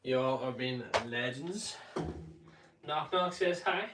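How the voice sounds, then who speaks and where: A livestream host from Northern Ireland, sounding a bit congested, chats casually and reads out viewer comments with plenty of fillers. His mid-range voice is slow, and the recording is very noisy.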